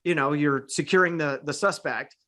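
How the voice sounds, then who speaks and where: Guy rambling thru a dog training story, kinda high voice, lots of uh and restarts. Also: normal speed, a bit bright. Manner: rambling with many restarts and fillers. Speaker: podcast host and dog trainer. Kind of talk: casual storytelling chat.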